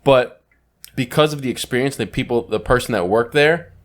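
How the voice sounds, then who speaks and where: A man's voice: medium pitch, normal speed. Emphatic man in casual podcast chat. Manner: emphatic, swears freely. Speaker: podcast co-host.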